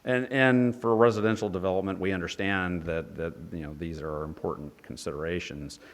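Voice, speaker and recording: A man's voice: deep voice, fairly even intonation, fairly quick. A man presenting an engineering report at a public hearing, with many fillers and restarts. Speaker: engineer presenting a development project. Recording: long reverb in a hearing room.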